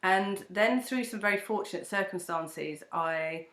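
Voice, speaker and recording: A woman's voice: medium pitch, a little slow. Woman telling stories in an echoey room. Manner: animated storytelling, acts out quoted voices. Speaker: breathwork teacher and singer-songwriter guest. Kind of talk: conversational interview.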